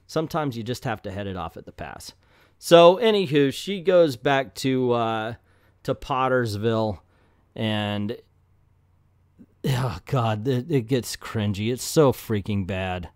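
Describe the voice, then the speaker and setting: A man's voice: medium pitch, animated, slow pace, dry recording, studio quality. A man with a slight Southern drawl, ranting bluntly and profanely as a comic book reviewer in an exasperated vlog.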